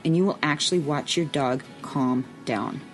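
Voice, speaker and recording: A woman's voice: deep voice, moderate pace, faint music behind. A woman co-hosting a podcast in casual chat, explaining earnestly with frank asides. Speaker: podcast co-host.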